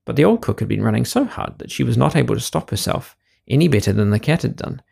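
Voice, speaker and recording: A man reading a children's story aloud in a lively, expressive way. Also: medium pitch, fast talker, creaky, breathy edge.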